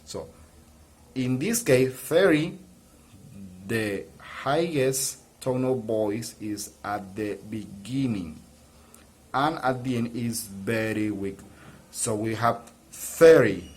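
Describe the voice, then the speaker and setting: Slow, patient male English teacher. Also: on the low side, a little hiss or hum. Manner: slow, patient explaining with many restarts. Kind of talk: recorded video lesson.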